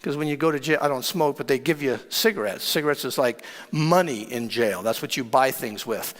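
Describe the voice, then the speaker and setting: A man preaching and telling a personal testimony in a dramatic, animated way, often stammering and repeating words. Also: mid-range voice, fairly quick. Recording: long hall reverb.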